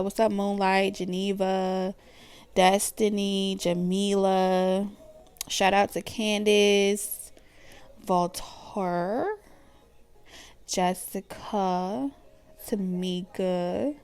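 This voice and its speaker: This is a woman with a smooth, clear voice, hosting a live tarot stream. She talks in an easygoing, unhurried way, greeting viewers by name and dropping casual slang between card pulls. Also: medium pitch, fairly even intonation, darkish tone.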